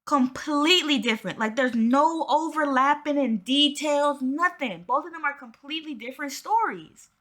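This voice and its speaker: A woman riffing on camera in a loose, casual commentary style, leaning hard on slang and emphasis. Her voice sits high and carries a bright, sharp edge. She addresses her viewers directly throughout. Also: moderate pace, hardly any pauses. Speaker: commentary YouTuber.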